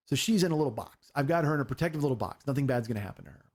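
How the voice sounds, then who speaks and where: A man in his forties hosting a comedy podcast, telling a story in a rapid, excitable, profane monologue. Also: mid-range voice, slightly rough. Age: 40s.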